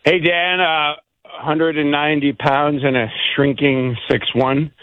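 A man calls in to a radio show and speaks in a measured, deliberate way. His voice is slightly higher. The phone-line audio sounds dull and muffled. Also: level tone, no echo. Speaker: caller.

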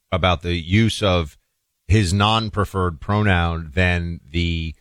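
Radio co-host, man, very low voice, measured and assured, dry studio. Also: fairly bright tone, no room sound. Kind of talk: talk radio commentary.

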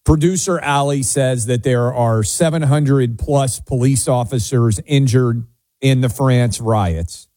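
A man's voice: medium pitch, slow pace, dark tone, no echo. A man from Nashville co-hosting a radio talk show, wry and opinionated, bantering casually and poking fun at himself. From Nashville, USA. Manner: wry, opinionated, self-mocking.

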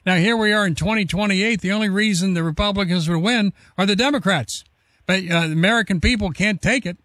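Talk radio host guy, high pitched, dry close sound, lecturing. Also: brisk, a bit bright, no echo.

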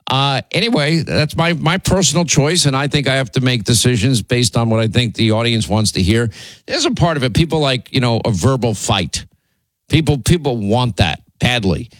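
Male radio host, indignant and rambling, mid-pitched, dry close mic. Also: no room sound. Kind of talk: talk radio commentary.

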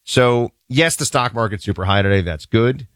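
A man co-hosting a talk show, giving casual, animated political commentary with wry asides and laughter. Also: medium pitch, moderate pace, no room sound, studio quality.

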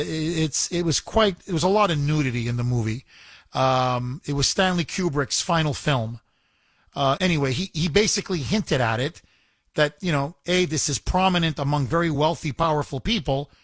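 A man hosting a call-in talk radio show, indignant and animated, repeating himself as he rants. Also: a little high, dry recording, studio quality.

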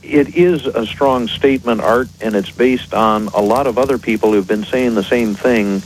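A man appearing as an expert guest on a radio show, explaining in a measured, precise way. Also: mid-range voice, slight background noise, rough recording.

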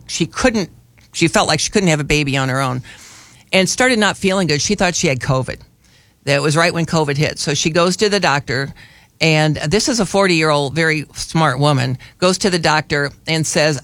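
A man's voice: a little high, fairly bright tone, no echo. A man in his sixties hosting a talk radio show, telling stories in a chatty way with many restarts. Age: 60s. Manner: chatty storyteller, frequent restarts. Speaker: radio host. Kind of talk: casual talk radio chat. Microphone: studio mic.

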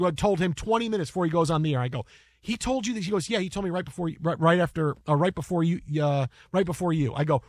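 A man telling a story in casual chat, animated and quick, often restarting his sentences. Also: sits high, dry recording, studio quality. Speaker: podcast host and broadcaster.

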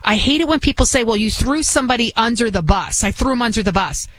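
A woman with a Bronx, New York accent, whose first language wasn't English, guest-hosts a talk radio show, delivering a chatty, rambling, emphatic monologue. Her voice is on the high side, expressive and fast, and the audio is poor.

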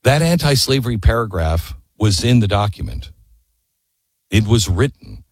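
A man delivers an impassioned history talk with a husky, slightly rough voice. His pitch swings widely as he presses his points and throws out rhetorical questions. The recording is dry and close. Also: lively intonation, moderate pace, dry recording. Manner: emphatic, asks rhetorical questions. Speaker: history storyteller.

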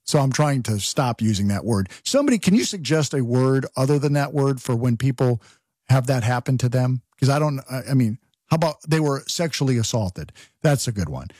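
A man hosting a political talk radio show, talking in an animated, opinionated way and firing off rhetorical questions. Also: mid-range voice, fairly quick, no room sound, clean studio sound.

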